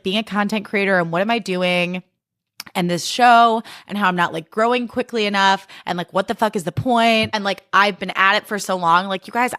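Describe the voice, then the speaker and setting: A young woman hosts a podcast alone in a candid, emotional, casual way and swears without holding back. Her voice sits at an ordinary middle pitch for a woman. It is recorded close and dry, with no room sound. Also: a bit bright, no echo. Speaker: podcast host. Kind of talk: casual solo chat.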